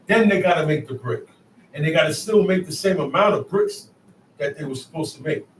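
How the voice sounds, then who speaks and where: Animated high-voiced bible teacher, a man. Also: brisk, a little hiss or hum. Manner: animated, colloquial, checks in with "okay?". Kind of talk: bible study class. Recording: echoey room, mic far off.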